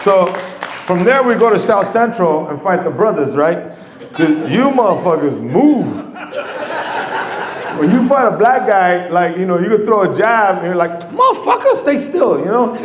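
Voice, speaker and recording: A middle-aged man from Mexico tells stand-up stories on a comedy club stage, rambling, swearing a lot, and acting out quoted voices. His high-pitched voice has lively intonation at a moderate pace, with a noisy background in an echoey club room.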